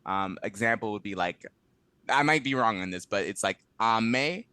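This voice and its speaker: A man being interviewed in a casual conversation, relaxed and quick to laugh, with many fillers and restarts. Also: lowish voice, clear, resonant tone, dry recording. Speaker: interview guest, translation company head.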